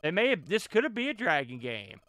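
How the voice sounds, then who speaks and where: An excitable man commentating his own retro gameplay, his voice jumping all over the place as he yelps, groans and laughs. The tone is bright and crisp, and the sound is close and dry with no room around it. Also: sits high, brisk, no echo. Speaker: streamer playing retro games.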